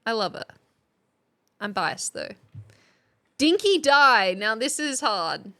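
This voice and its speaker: A woman's voice: a little high, very animated, slow, pushed and bright. An Australian woman chatting casually on a live stream, quizzing her chat like a teacher. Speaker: substitute streamer.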